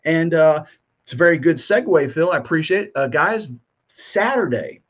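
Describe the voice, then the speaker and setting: A man's voice: on the high side, expressive, brisk. A man hosting a live stream, upbeat and welcoming as he greets viewers by name. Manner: upbeat, welcoming, reads out names and comments. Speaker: livestream host. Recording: dull lo-fi stream audio.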